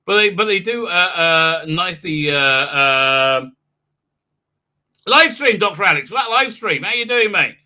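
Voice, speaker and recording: A man's voice: high-pitched, lively intonation, moderate pace, hardly any pauses, pushed and bright. A man hosting a live stream, recapping a TV episode with mocking humor, acting out scenes with silly voices and sound effects, with many hesitant fillers.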